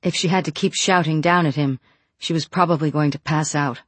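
An audiobook narrator reading a novel in an even, measured voice. The mic is close and the sound is dry, with no room around it. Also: medium pitch, no echo.

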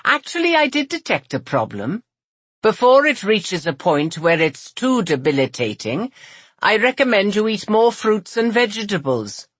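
A woman voicing a sharp-witted, wary young woman healer in an audiobook, with crisp, tart replies. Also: medium pitch, sing-song, normal speed, no room sound, pitched above the performer's own voice. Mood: dry. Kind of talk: audiobook character voice.

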